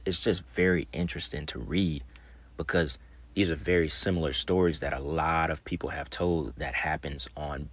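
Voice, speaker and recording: A man's voice: extremely low pitch, fairly bright tone. A man hosting his channel, reading an article aloud and then commenting, his speech a little slurred after a dentist visit. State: just back from the dentist. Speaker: channel host.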